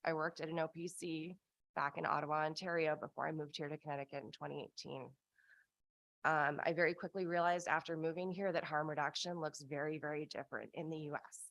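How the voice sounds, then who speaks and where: A woman's voice: deep voice, fairly even intonation, creaky, no echo. A woman from Canada giving impassioned public testimony at a hearing over a video call. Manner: earnest, impassioned, slows for emphasis.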